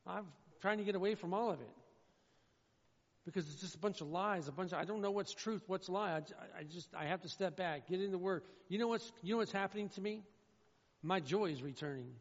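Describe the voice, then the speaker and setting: A man's voice: sits high, a little fast. A male pastor preaching a sermon in an earnest, emphatic way, repeating his key phrases. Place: church sanctuary. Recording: muffled sound in a reverberant church hall.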